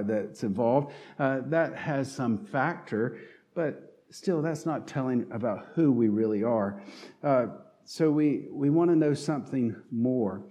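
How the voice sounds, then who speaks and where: A man's voice: medium pitch, warm tone. A middle-aged man with a Southern accent from North Carolina, preaching a sermon in an earnest, folksy way with frequent "uh" fillers. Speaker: lay preacher.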